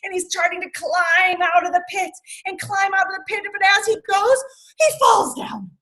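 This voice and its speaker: A woman with a very high, bright voice tells a story to young children over a video call. She is animated and dramatic and keeps coaxing the children to join in. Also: moderate pace. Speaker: teacher.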